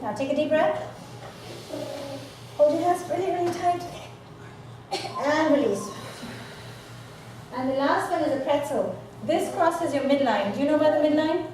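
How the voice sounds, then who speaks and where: A woman's voice: high voice, lively intonation, moderate pace, pauses often, darkish tone. A woman presenting a live workshop, coaxing her listeners through breathing exercises with many repeated words. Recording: echoey room from far off, noisy.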